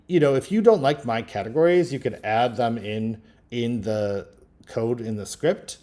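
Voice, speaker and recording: A man teaching linguistics, talking through a screen-recorded software tutorial in a relaxed, thinking-aloud way with frequent ums. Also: mid-range voice. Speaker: linguistics instructor.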